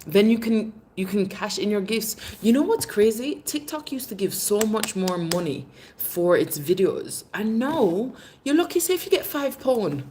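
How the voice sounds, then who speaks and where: A woman's voice: moderate pace, few pauses, slight background noise. A woman hosting a casual livestream, reading viewer comments and chatting animatedly, calling viewers "babes" and laughing often. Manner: bursts of laughter, lively pitch swings. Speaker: livestream host. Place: Jamaica.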